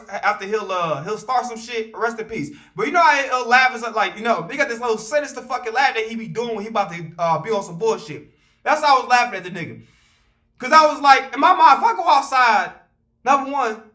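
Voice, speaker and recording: A young man telling a casual, animated, profane storytime story at home, with loose slang. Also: very high voice.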